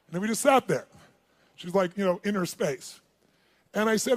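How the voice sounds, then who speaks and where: Animated man telling stories onstage. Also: sits high, moderate pace, long pauses. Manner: animated storyteller, calls out questions to the crowd. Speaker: seminar speaker. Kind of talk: live seminar talk with storytelling.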